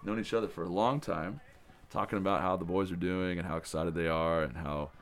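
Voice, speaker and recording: Male camp director, lower voice, warm enthusiastic storyteller, loose and rambling. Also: steady tone, fairly quick. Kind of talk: casual spoken recap of the day.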